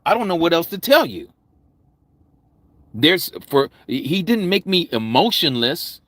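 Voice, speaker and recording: A man preaching a Bible study sermon, loud and vigorous, with mounting intensity. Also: on the high side, very animated, unhurried, no room sound. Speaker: Hebrew Roots Bible teacher. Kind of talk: impassioned livestream sermon.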